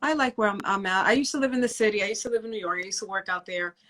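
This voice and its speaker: A woman guest in a casual chat, speaking relaxed with halting restarts. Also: medium pitch. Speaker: guest, microblading educator.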